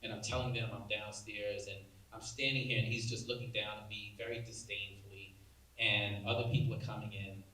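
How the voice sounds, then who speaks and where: A man's voice: fairly low pitch, fairly quick. A man in his forties giving a keynote talk, telling a personal story and acting out the voices of the people in it. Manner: animated storyteller acting out dialogue, many "like"s. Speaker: national speaker on prison reform. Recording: roomy hall audio from a distance, faint hiss.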